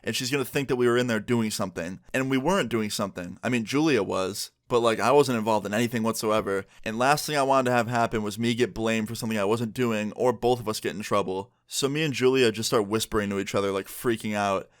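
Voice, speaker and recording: A man's voice: lowish voice, fast, hardly any pauses, dry recording, clean studio sound. A young man telling a storytime tale to camera in a casual, chatty way, often checking in with the listener. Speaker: vlogger. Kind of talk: storytime narration.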